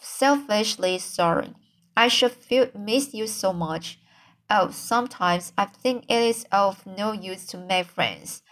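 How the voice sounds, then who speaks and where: A woman voicing a wistful, lonely older lady, reading slowly with small slips and restarts. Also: medium pitch, fairly bright tone.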